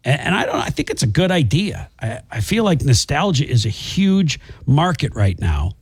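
A man's voice: fairly high pitch, sing-song, normal speed, slightly rough, no room sound. A man co-hosting a radio show, chatting casually and rambling with restarts and fillers.

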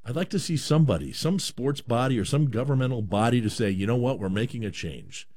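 A man hosts a casual radio chat, joking and rambling with frequent restarts. His voice moves up and down a lot as he riffs. The pitch sits in a middle register. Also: animated, a little fast, a little mellow. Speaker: radio show host.

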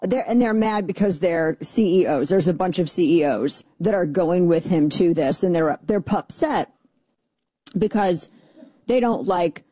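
A woman's voice: fairly low pitch, unhurried, mellow, breathy edge, dry recording. A middle-aged woman hosting a political radio talk show, chatty, opinionated and sarcastic. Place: radio studio.

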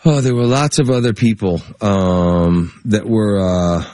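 A man guesting on an interview, spinning lively stories with plenty of "um"s and acted-out quotes from others. His voice sits on the low side. The sound is close and dry, with no room around it. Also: unhurried, dry recording. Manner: lively anecdotes, acts out quoted voices, many fillers. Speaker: guest actor. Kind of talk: casual interview storytelling.

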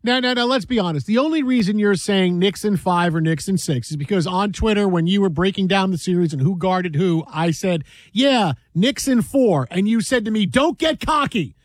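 A high-voiced man with a playful, teasing way of talking, chatting about sports. The sound is close and dry, with no room echo. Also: brisk, hardly any pauses. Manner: jokey, teasing. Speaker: sports radio co-host. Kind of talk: casual sports talk.

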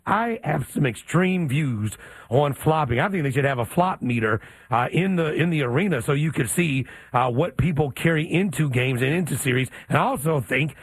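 Male radio co-host, gravelly, rhetorical questions, dry close mic. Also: fairly high pitch, dry recording. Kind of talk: sports talk radio.

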